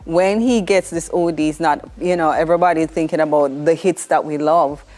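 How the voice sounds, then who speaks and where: A woman with a Jamaican accent, an honored guest chatting on a daytime show, telling stories in an animated, laughing way. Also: sits low, brisk. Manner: animated, laughing, lively storyteller. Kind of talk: casual talk-show chat.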